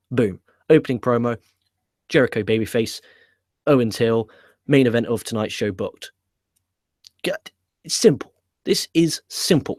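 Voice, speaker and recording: A man giving a casual, opinionated recap of a wrestling show he is booking, blunt and quick to swear. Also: medium pitch, no echo, studio quality.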